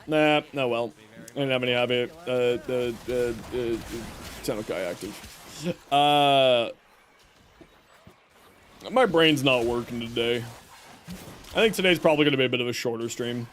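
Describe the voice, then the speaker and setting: A man's voice: medium pitch, normal speed, pauses often, a little hiss or hum. A man live-streaming a video game, upbeat and chatty, greeting viewers and answering their questions. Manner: upbeat, greets chat warmly, baby-talks his pet.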